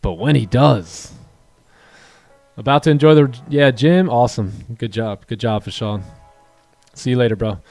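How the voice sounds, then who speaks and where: A man's voice: moderate pace, long pauses, dry recording, faint music behind. Upbeat man coaching day traders. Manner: animated storytelling, acts out quoted dialogue in a higher voice; encouraging, motivational. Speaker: day-trading coach and stream host. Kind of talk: casual livestream chat.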